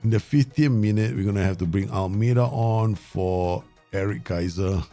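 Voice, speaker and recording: A man hosting his gaming channel, giving live commentary and talking to himself and the viewers in an excitable way. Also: lowish voice, normal speed, creaky, soft background music. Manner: excitable, talks to himself and the viewers, frequent laughs.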